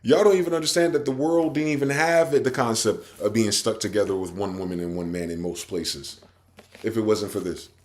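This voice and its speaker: Reading definitions of words aloud on his own podcast, a man rants and curses at a brisk pace, his volume swinging from loud outbursts down to quiet muttering.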